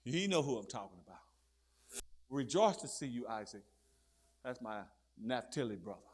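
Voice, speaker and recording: A man preaching a fiery sermon, swinging from low murmurs to loud shouted peaks and calling out questions to his listeners. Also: big pitch swings, moderate pace, husky. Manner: calls out to the crowd with repeated questions.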